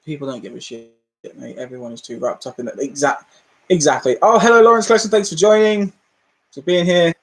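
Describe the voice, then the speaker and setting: A man with a British accent and a notably high-pitched voice hosts a casual live stream. He rants in a chatty way, laughs often, and acts out the people in his stories. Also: steady tone, brisk. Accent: British English.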